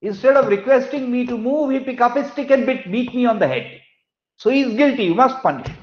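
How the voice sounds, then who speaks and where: A man's voice: extremely high pitch, lively intonation, a little fast, voice pushed up. A man voicing an indignant talking dog. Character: clever, indignant talking dog demanding justice. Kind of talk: quoted dialogue in a told fable. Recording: echoey hall, dull lo-fi sound.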